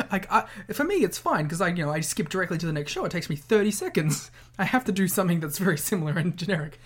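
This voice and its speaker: A man co-hosts a casual podcast chat, talking bluntly and with plenty of swearing. He argues his points by acting out little scenarios, speeding up and slowing down as he goes. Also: high voice, animated, fairly bright tone. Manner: blunt, profane, acts out scenarios. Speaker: podcast co-host.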